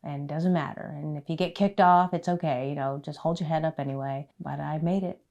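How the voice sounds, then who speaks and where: Middle-aged woman, low voice, candid interview storyteller, earnest and self-mocking. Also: steady tone, brisk, highs cut off. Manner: earnest, self-deprecating, voice swings from hushed to loud. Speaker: interviewee in a documentary.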